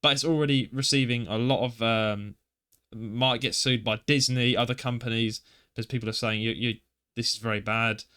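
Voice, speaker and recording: A man co-hosting a casual podcast, talking in a chatty, meandering way full of fillers and restarts. His pitch sits in an ordinary middle range. He sometimes reads a news article aloud between his own remarks. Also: steady tone, normal speed, pushed and bright, clear, resonant tone. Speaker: podcast co-host.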